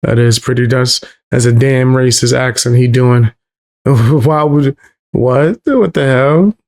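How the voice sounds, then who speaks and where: A man's voice: mid-range voice, unhurried, darkish tone. A man reacting in casual chat, laid-back and blunt, chuckling now and then. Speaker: streamer.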